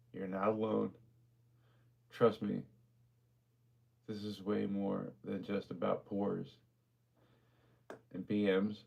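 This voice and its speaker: Man, livestream auction host, husky, near tears, heartfelt thanks to viewers, casual chat. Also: on the low side, warm tone, muffled recording.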